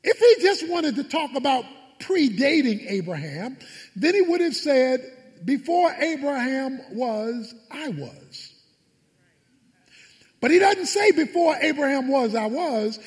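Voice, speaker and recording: High-pitched, lively preaching man. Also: takes it slowly, big-room sound. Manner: emphatic preaching with dramatic retellings. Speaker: pastor. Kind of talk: sermon.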